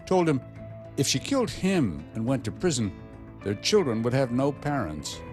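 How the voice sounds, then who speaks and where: A man tells a news story in a dramatic, scripted style, and his pitch rises and falls widely. Music plays clearly beneath his voice. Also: huge pitch swings, normal speed. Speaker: news narrator. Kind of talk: scripted narration. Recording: music bed underneath.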